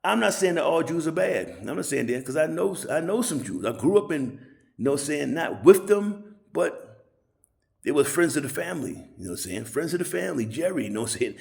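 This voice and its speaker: Casting note: man in a loose, rambling on-camera rant, a bit high-pitched with a gravelly edge, salty language. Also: very animated, a little fast, darkish tone. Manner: rambling, profane, keeps asking "you know what I'm saying". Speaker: channel host. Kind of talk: casual ranting monologue.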